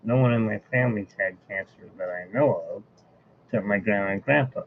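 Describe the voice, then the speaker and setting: Over a tinny, phone-like line with faint hiss, a man rambles to himself and chats casually with viewers while drawing on a live stream. He speaks fairly quickly in a lowish voice.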